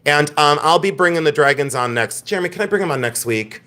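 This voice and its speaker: A man hosting a live jewelry sale stream, chatting excitedly, joking and laughing with viewers. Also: a little high, fast talker. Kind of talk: casual live-stream sales chat.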